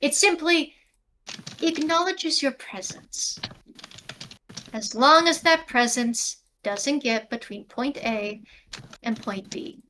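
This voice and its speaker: A woman's voice: sits high, takes it slowly, pauses often, sharp tone, a little hiss or hum. A woman narrating a tabletop game as game master over a video call, descriptive and prone to self-corrections.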